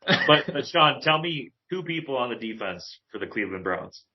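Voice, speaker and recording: A man's voice: mid-range voice, sing-song, normal speed. A man co-hosting a casual sports podcast, teasing his friends in a playfully combative way. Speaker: podcast co-host. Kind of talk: casual chat. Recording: dull lo-fi podcast audio.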